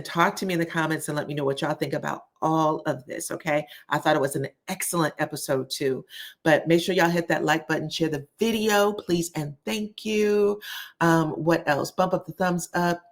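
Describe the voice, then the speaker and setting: A woman recapping a reality TV episode in a chatty, opinionated way, talking straight to her viewers. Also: sits low. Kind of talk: casual recap vlog.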